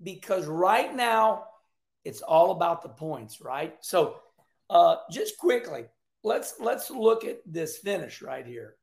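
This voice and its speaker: A man's voice: high-pitched, big pitch swings, slow, vocal fry, reverberant. A man, hosting his own racing commentary show in a casual, folksy way, repeating himself and laughing often.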